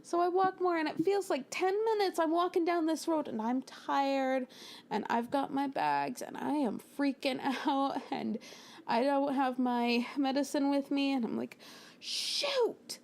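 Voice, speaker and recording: Young adult woman, high and lively storyteller voice for a storytime video. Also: unhurried, gravelly. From United States. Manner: animated, acts out quoted lines with little voices and laughs. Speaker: storytime narrator. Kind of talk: storytime narration over a speedpaint.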